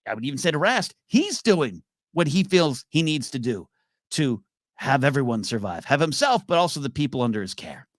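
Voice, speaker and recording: A man hosting a solo podcast, giving an animated, enthusiastic recap commentary of a TV episode. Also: medium pitch, no echo, studio quality. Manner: animated, enthusiastic, many restarts. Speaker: podcast host.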